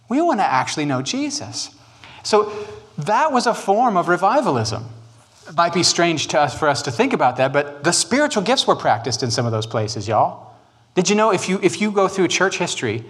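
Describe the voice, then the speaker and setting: A man teaching church history in a casual, jokey way with animated asides. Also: a little high.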